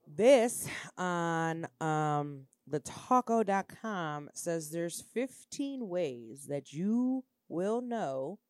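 A woman's voice: lowish voice, darkish tone, dry recording, studio quality. A woman co-hosting a casual chat, talking bluntly, swearing freely and reading items aloud. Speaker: podcast co-host.

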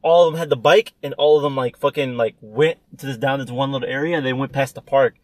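A man's voice: mid-range voice, fast, darkish tone, dry recording. A young man in a profane casual chat, laughing often and acting out voices in his stories.

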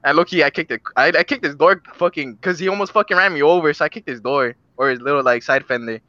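A man's voice: fairly high pitch, fast, sharp tone, dry recording. A young man co-hosting a podcast, telling a story in casual chat, slangy and profane, heard over a voice call. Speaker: podcast co-host. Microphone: voice call microphone. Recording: dull lo-fi voice call.

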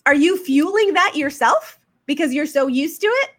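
A woman's voice: high-pitched, lively intonation, moderate pace, fairly bright tone. A woman business coach giving an emphatic, preaching-style motivational talk full of fiery rhetorical questions. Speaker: faith-based business coach.

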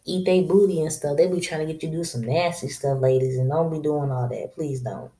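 A woman with a low, warm, mellow voice talks straight to her listeners in a casual solo podcast monologue. She is blunt and slangy, drawls her words and laughs to herself as she lays out her advice. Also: steady tone, fairly quick. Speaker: podcast host.

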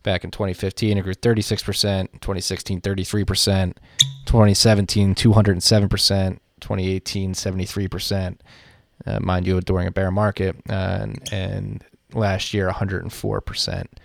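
A man from Philadelphia co-hosting a podcast, talking through the news in a relaxed, rambling way and swearing casually over a remote call. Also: low voice, moderate pace, creaky, no echo, studio quality. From Philadelphia, USA. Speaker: podcast co-host.

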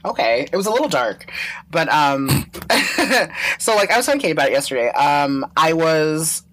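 A woman's voice: sits low, very animated, normal speed. A woman co-hosting a podcast, chatting casually and rambling through a story with lots of fillers and laughter. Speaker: podcast co-host. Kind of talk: casual chat.

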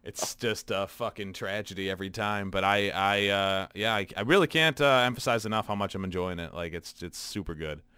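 A man's voice: on the low side, fairly quick, few pauses, smooth. A man co-hosting a podcast, telling stories casually and with lots of swearing, acting out his own reactions as he goes. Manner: animated, profane storytelling with acted-out reactions. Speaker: podcast co-host. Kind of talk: casual chat.

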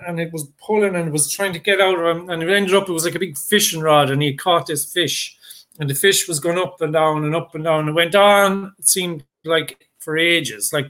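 Guy telling an old story, chatty, bright kinda sharp voice. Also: on the high side. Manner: rambling and conversational, with many fillers and restarts. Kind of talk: oral folk storytelling.

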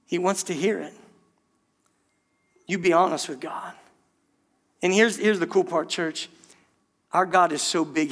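Bright-voiced, earnest preaching man. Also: high-pitched, fairly even intonation, unhurried, long pauses. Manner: earnest, impassioned, addresses the congregation as "church". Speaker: pastor. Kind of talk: sermon.

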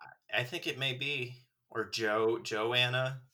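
A man with a bright, forceful voice at an ordinary pitch, swapping old stories with a friend. He tells them with energy, acting out what people said and laughing often. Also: slow pace, slight background noise. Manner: animated storyteller, acts out quotes, laughs often. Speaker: friend and fellow actor. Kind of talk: casual chat, reminiscing.

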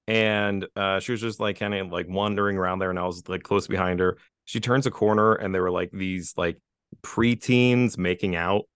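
A man's voice: deep voice, fairly even intonation, moderate pace, fairly bright tone, clear, resonant tone, dry recording, studio quality. A young adult man, a guest on a podcast, chatting casually about his toddler with lots of "like". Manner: rambling, heavy use of "like". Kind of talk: casual chat.

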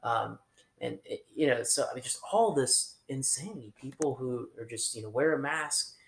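Casting: male preacher with a strong gravelly rasp, informal and halting, full of restarts. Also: mid-range voice, expressive, reverberant, slight background noise. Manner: conversational, halting, many restarts and fillers. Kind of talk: informal sermon.

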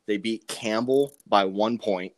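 A man's voice: fairly low pitch, unhurried. A young man giving sports betting picks on a podcast, joking and rambling with many ums and uhs. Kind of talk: casual sports betting chat.

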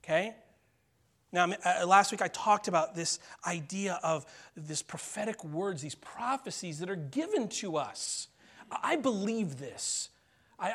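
A middle-aged man delivers a sermon in a high voice. His preaching is conversational, and he keeps checking in with the congregation. He slows down and drops to near-whispers for key phrases. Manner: conversational preaching, frequent "okay?" check-ins, dramatic pauses and soft drops. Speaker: pastor.

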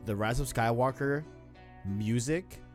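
A man's voice: medium pitch, a little slow, faint music behind. A man co-hosting a casual gaming talk show, loose and slangy, often tagging on "you know what I'm saying". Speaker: podcast co-host.

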